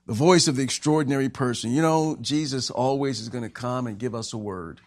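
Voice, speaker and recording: A man preaching a sermon as pastor, animated and acting out the scenes he tells. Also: medium pitch, brisk, few pauses, no room sound, clean studio sound. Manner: animated, acts out scenes with shouting voices.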